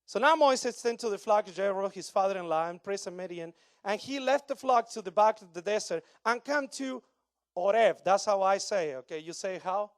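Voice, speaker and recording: A man in his thirties from Argentina, preaching a sermon with an Argentine Spanish accent in broken English, animated and joking with the congregation. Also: high voice, brisk, hardly any pauses, no room sound, clean studio sound. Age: 30s. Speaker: pastor.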